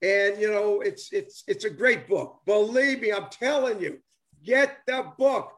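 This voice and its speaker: Excited older man. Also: sits high, a little slow. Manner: rambling and enthusiastic, with many restarts and repeated fillers. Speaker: former ballplayer and author. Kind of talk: casual chat on a live stream.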